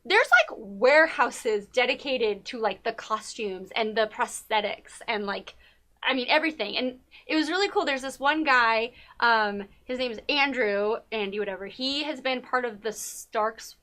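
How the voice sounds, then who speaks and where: A woman's voice: a little high, moderate pace, a bit bright. A woman co-hosting a TV talk show, chatting casually and gushing about a documentary, with many fillers. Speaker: podcast co-host.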